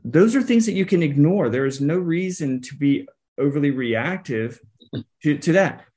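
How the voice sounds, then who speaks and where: This psychologist co-hosting a parenting podcast has a slightly high, animated voice with a darkish tone. In a casual advice chat, he talks thoughtfully but haltingly, frequently restarting with "um" and "you know."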